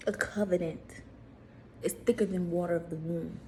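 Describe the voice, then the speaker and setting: A woman, casually preaching to viewers in a vlog, animated, repeating herself and putting questions to the audience. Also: on the low side, normal speed, slight background noise. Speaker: faith vlogger.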